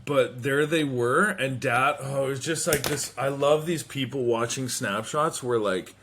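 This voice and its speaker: A man hosting a podcast, telling a comedic story in a casual, animated way, swearing and slipping into quick impressions of people. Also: mid-range voice, slight background noise. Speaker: podcast host. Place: home.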